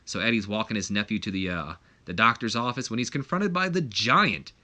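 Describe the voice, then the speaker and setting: A man's voice: on the low side, lively intonation, brisk, pushed and bright. A man casually narrating and recapping a wrestling management game, chatty and full of fillers. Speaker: video game commentator.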